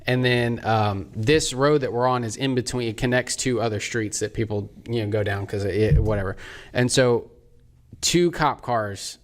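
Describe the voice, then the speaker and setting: A man in his twenties, a podcast co-host, telling a personal story in a casual, animated way and acting out the people in it. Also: medium pitch, normal speed.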